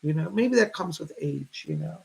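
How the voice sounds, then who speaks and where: A man in his fifties hosting a casual psychic livestream, chatting warmly with viewers and greeting them by name. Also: a little high, huge pitch swings, moderate pace, vocal fry, breathy edge. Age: 50s.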